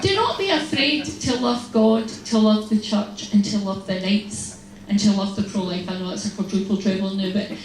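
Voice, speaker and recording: A religious sister giving a humorous, storytelling talk to an audience, acting out little exchanges. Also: female voice, medium pitch, moderate pace. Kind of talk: lively faith talk to an audience. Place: large hall. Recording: echoey hall, distant mic, faint noise.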